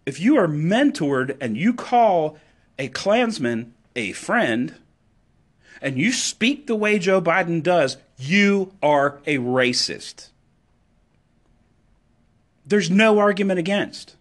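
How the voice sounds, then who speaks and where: A man speaking in an impassioned political monologue, with a fairly high voice that leaps up and drops low all the time. He is emphatic and sarcastic, jumping between loud declarations and muttered asides. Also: big pitch swings, slow pace, pauses often. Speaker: political commentator.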